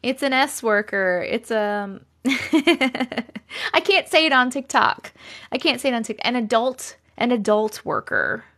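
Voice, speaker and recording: A bubbly woman in her thirties hosts a casual live stream from home. Her voice sits high and swoops up and down constantly as she reads comments and thanks viewers. She talks in a loose, chatty way. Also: lively intonation, slow, a bit bright. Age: 30s.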